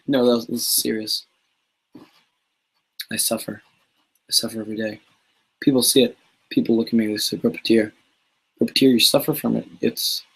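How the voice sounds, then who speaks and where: A man's voice: lowish voice, breathy edge, poor audio. A young man hosting his channel's livestream, rambling in a jokey, mock-serious way. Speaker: channel host. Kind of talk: casual livestream chat.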